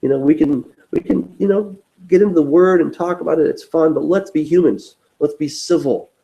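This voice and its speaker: A man's voice: on the high side, a little fast, creaky, warm tone, highs cut off. A man teaching a conversational Bible study, earnest and self-deprecating, acting out inner dialogue in quoted voices.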